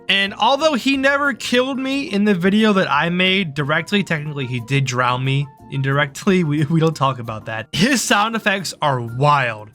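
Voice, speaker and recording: A man's voice: sits high, pushed and bright. A young man, a gaming video host, ranking mods in casual, upbeat commentary and swearing when something startles him. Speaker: gaming YouTuber. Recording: faint background music.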